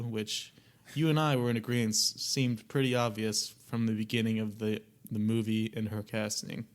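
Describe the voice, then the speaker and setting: A young man co-hosting a film podcast, speaking in a calm, matter-of-fact way. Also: lowish voice. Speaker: podcast co-host. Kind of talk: casual chat.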